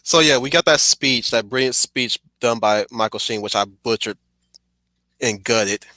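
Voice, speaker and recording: A man streaming casual, digressive commentary; he gets excited, laughs often and apologizes for getting sidetracked. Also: mid-range voice, measured pace, no echo.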